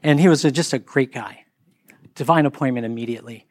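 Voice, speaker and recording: A man's voice: fairly quick, no room sound. A middle-aged man telling a casual story, acting out the people he quotes. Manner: animated, acts out quoted voices in higher pitch.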